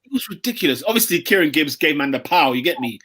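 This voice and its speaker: High, bright young man. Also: fast talker, slightly rough. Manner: animated, slangy, laughs often. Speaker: podcast co-host. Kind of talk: casual football chat.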